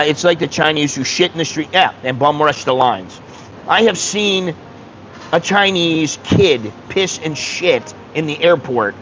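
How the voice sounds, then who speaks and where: Blunt American man with a raised pitch. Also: slight background noise, rough recording. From United States. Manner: blunt, animated storyteller who swears freely. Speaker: vlogger. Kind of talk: casual vlog chat, reading viewer comments.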